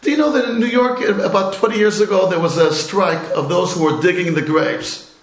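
Middle-aged rabbi guy, high lively voice, jokey storyteller, roomy echo. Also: brisk. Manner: animated, humorous storyteller with rhetorical questions. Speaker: rabbi teaching a class. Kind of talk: storytelling Torah talk. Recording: echoey room.

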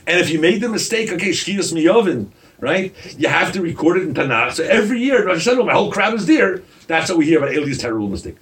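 A man preaching a sermon as a rabbi, animated and firing rhetorical questions at his listeners. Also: on the high side, fast talker, distant mic, slight background noise.

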